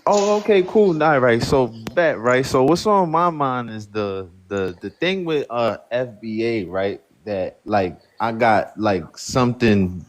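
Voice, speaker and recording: A man's voice: medium pitch, expressive, unhurried, few pauses. Brooklyn man calling in, hesitant. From Brooklyn, New York. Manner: loose and hesitant, many fillers. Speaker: caller. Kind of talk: casual phone-in chat.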